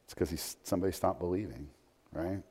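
A man's voice: sits low, fairly quick, a little mellow, slightly rough. Man preaching in a reverberant hall. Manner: conversational, with frequent restarts and asides. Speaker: pastor. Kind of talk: sermon.

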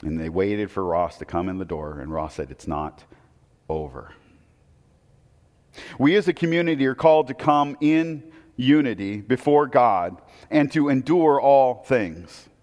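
A man preaching a sermon, telling a story that swings between loud excitement and hushed, intense moments. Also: medium pitch, moderate pace. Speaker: pastor. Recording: long hall reverb.

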